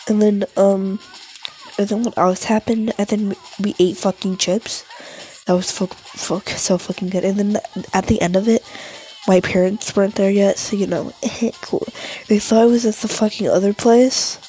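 A woman's voice: mid-range voice, fairly even intonation, normal speed, warm tone, slight background noise, poor audio. A teenage girl telling a rambling, casual story, full of fillers and swearing.

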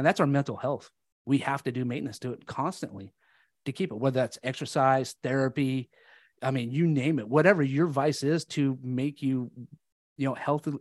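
A man's voice: medium pitch, no room sound, clean studio sound. A man guesting on a podcast, telling his story in a candid, earnest way and acting out the dialogue. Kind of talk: casual storytelling conversation.

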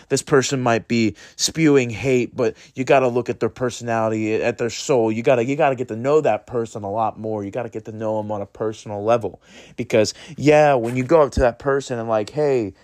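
Speaking at medium pitch with a slightly mellow tone, this man hosts his own podcast. His casual motivational monologue is earnest and rambling, peppered with free swearing as he encourages listeners to be kind.

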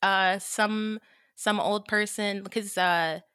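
Woman, podcast host, casual storytelling, chatty and animated, bright tone, close dry sound. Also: medium pitch, slow, clean tone, no echo.

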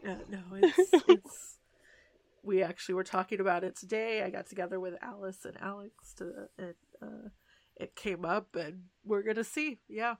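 A woman's voice: medium pitch, normal speed, gravelly, a little mellow, no echo. A woman co-hosting a podcast, chatting casually and animatedly, swearing now and then. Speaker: podcast co-host. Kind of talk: casual chat.

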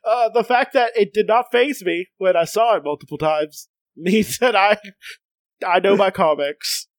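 A man's voice: high voice, unhurried, no room sound. A man co-hosting a casual comics podcast. He reads passages aloud, laughs a lot and often restarts his sentences. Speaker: podcast co-host.

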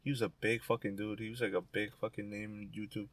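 一位男性播客搭档，随意闲聊，常插几句含糊的玩笑话。. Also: male voice, on the low side, flat delivery, fast, fairly bright tone, no room sound. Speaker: podcast co-host. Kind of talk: casual podcast banter.

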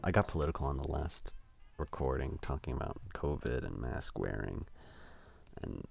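A man's voice: extremely low pitch, expressive, normal speed, gravelly, a little mellow, husky, soft background music. A young man hosting a solo podcast, rambling and self-deprecating with lots of hesitations. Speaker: podcast host.

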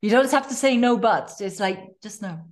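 A woman's voice: a little high, brisk. Middle-aged woman, life coach guest, earnest, reflective, lots of um and you know, casual podcast chat. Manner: reflective, earnest, with many fillers.

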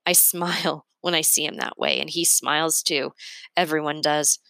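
Low-voiced woman reading a story aloud. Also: steady tone, normal speed, vocal fry, bright, forceful tone, dry recording. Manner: voices characters with pitch jumps, first-person narration. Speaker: reader.

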